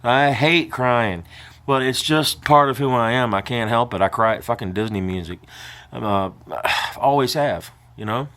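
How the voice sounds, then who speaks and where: A man's voice: medium pitch, moderate pace, fairly bright tone. An older man vlogging in a casual, rambling way, emotional and prone to choking up as he talks.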